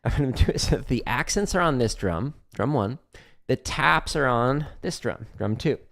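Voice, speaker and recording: With a mid-range voice, vocal fry, and a moderate pace, a man runs a casual drum lesson streamed live from his practice room. He talks through technique easily, leaning on fillers, and a studio mic sits near his drum setup.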